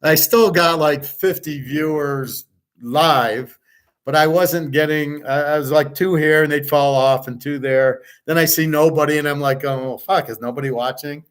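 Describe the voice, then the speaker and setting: A man's voice: a little high, fairly even intonation, measured pace. A middle-aged man hosting a live stream as a sports handicapper, talking in a blunt, profane, ranting way. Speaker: sports handicapper and show host. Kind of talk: casual live-stream rant.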